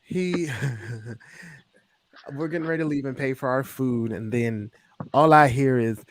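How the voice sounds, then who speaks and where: A man co-hosting a podcast, telling stories in an animated, stammering way. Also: mid-range voice, unhurried. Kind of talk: casual storytelling.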